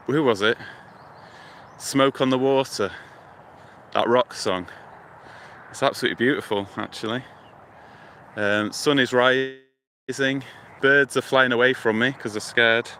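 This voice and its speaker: Strolling past a lake and river beside a motorway, a man from the United Kingdom streams live on his phone, idly describing his surroundings and thinking aloud for viewers. His voice is bright and forward, mid-range, a little slow, with long pauses. Faint traffic noise lingers behind.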